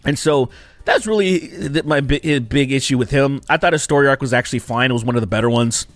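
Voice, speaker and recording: A man giving a casual spoken game review, animated and exasperated, with mocking asides. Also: medium pitch, dry recording, faint music behind. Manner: animated and exasperated, mocking characters with quick impressions.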